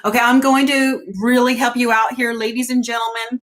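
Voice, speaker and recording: A woman's voice: a little high, little pitch movement, brisk, fairly bright tone. Emphatic laughing woman astrology host. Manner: emphatic, laughs often, talks in blunt commands. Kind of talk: casual astrology talk to viewers.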